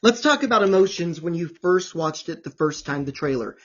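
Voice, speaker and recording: A man's voice: on the high side, lively intonation, a little fast, dull audio. A man hosting a casual chat show, talking with gushing enthusiasm. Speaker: host.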